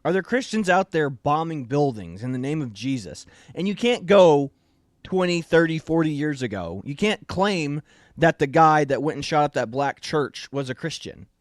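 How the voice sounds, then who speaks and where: A man's voice: on the high side, animated, normal speed, dry recording, clean studio sound. Emphatic talk-show host, man. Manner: emphatic, indignant. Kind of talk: opinion talk show commentary.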